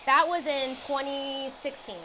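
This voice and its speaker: A woman's voice: high voice, steady tone, a little slow, noisy background. A woman in her thirties, a guest in a casual chat, telling a story with animation and acting out her own past reactions.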